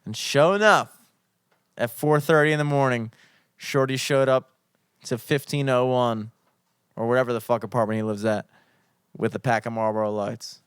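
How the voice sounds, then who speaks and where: Animated young man telling a story. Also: mid-range voice, normal speed, long pauses, clean tone, dry recording, studio quality. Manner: animated, profane, mock-outraged storyteller. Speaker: podcast co-host. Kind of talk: casual chat, storytelling.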